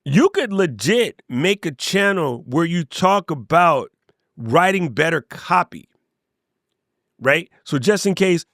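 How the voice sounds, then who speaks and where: Middle-aged guy hyping people up to start a channel, high voice, dry close sound. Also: takes it slowly, no echo. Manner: energetic, conversational, playful asides. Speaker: YouTube creator and coach. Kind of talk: casual motivational talk to camera.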